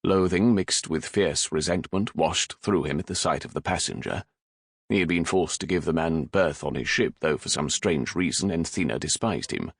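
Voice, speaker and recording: A man narrates an audiobook in a measured, dramatic style. His voice is very deep and the sound is close and dry, with no room around it. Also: vocal fry, husky, dry recording. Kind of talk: scripted narration.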